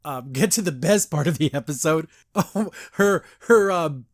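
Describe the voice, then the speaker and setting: A man's voice: on the high side, expressive, slow pace, dry recording. A man hosting a podcast, giving a casual, opinionated and easily amused review of a cartoon episode into a close microphone. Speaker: podcast host.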